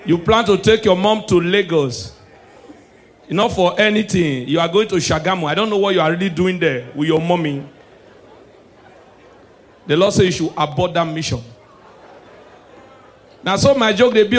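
High-voiced Nigerian man doing stand-up. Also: moderate pace, long pauses. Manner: animated, swings between hushed asides and shouted punchlines. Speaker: stand-up comedian. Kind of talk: stand-up comedy performance.

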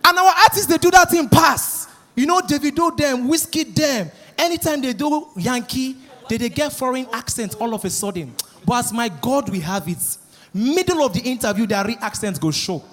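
A man with a Nigerian accent doing stand-up comedy, telling animated stories and mimicking voices. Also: extremely high pitch, moderate pace.

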